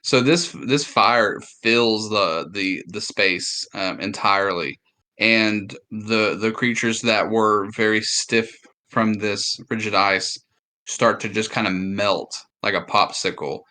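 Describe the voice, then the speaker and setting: A man narrating as game master in a tabletop game, describing scenes haltingly and with many fillers. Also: on the low side, bright, forceful tone.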